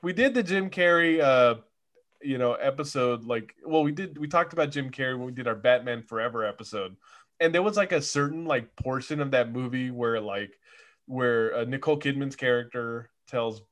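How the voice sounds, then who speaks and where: A man's voice: medium pitch, normal speed, a bit bright. A man co-hosting a podcast, chatting about movies in a rambling way with many restarts. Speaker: podcast co-host. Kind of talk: casual movie chat.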